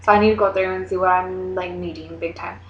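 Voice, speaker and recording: A young woman chatting casually to her camera, rambling along with lots of "like" and quick asides. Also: on the low side, fairly even intonation, slight background noise. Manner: chatty, rambling, heavy use of "like". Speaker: vlogger. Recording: echoey room, dull lo-fi sound.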